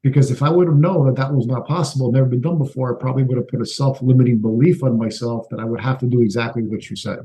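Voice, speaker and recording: Middle-aged male podcast guest from Canada, a storyteller who acts out his dialogue, mellow and relaxed tone. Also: medium pitch, quick pace, few pauses, rough recording. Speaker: entrepreneur guest.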